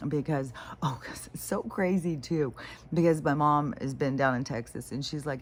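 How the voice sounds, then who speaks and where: A woman's voice: sits low, normal speed. A middle-aged woman talking through a rambling spiritual vlog, full of fillers, restarts and casual swearing. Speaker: spiritual vlogger.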